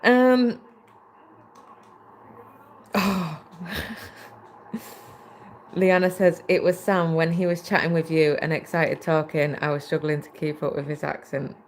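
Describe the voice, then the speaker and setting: A woman's voice: sits low, fairly even intonation, slow, pauses often, slight background noise. A British woman hosting a casual livestream, chatting away and reading viewer comments aloud while she stitches, into a laptop mic. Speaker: livestream host.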